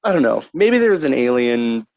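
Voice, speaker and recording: Gravelly joking male co-host. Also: medium pitch, sing-song, normal speed, darkish tone, no room sound, muffled recording. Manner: jokey, laughs often. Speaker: podcast co-host. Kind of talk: casual joking chat.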